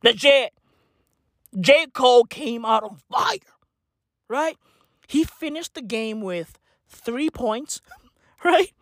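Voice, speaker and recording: A woman delivering a foul-mouthed comic rant in a slow, drawn-out way, her pitch swinging widely from line to line. She circles back to the same lines and breaks into laughter at her own jokes, recorded close and dry. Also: lively intonation, no room sound. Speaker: comedian.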